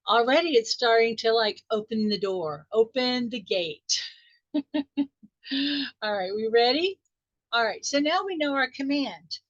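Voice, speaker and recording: A woman hosting a live online coaching session, talking warmly and straight to her listeners and stretching out musing questions, heard over dull call audio. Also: on the high side, expressive, a little slow, long pauses, dry recording. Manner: warm, encouraging, talks straight to listeners. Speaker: wealth mindset coach hosting a weekly group. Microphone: video call microphone.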